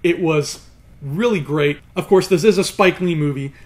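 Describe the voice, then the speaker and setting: A young man casually reviewing a film, chatty and animated, with his voice jumping up when he gets exasperated. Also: on the high side, normal speed. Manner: chatty with fillers like "you know" and "like".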